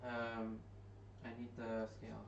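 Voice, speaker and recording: A man's voice: lowish voice, completely flat delivery, unhurried, gravelly, lo-fi sound, slight background noise. A man co-hosting a livestream, making short, offhand remarks while cooking in a home kitchen. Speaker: livestream co-host. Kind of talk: casual chat while cooking. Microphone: distant room mic. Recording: echoey kitchen from far off, loud clattering.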